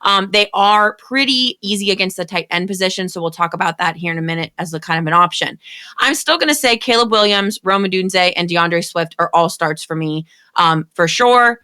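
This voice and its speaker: A woman's voice: on the low side, animated, normal speed, sharp tone. A woman co-hosting a fantasy football podcast, easygoing as she walks through matchups in casual chat.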